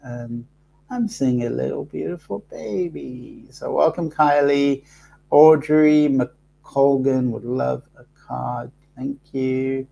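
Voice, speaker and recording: A soft-spoken man hosting a live card reading, talking slowly and haltingly with many pauses and fillers. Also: medium pitch, gravelly, lo-fi sound. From Africa. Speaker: host reading cards for live viewers.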